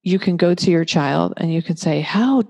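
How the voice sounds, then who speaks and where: A woman with a low, mellow voice talks through a parenting lesson in a calm, reflective way. She is gentle and patient and builds her points slowly with examples, and a long reverb trails behind her words. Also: vocal fry. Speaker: parenting speaker. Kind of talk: calm reflective teaching talk. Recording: long reverberant room echo.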